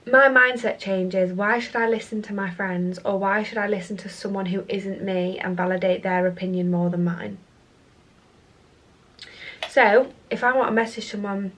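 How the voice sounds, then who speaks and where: A woman's voice: medium pitch, fairly even intonation, normal speed, a bit bright. Sassy young woman chatting candidly. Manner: candid, sassy, swears freely, calls viewers sis. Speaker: beauty business owner and vlogger. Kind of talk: casual chat answering viewer questions.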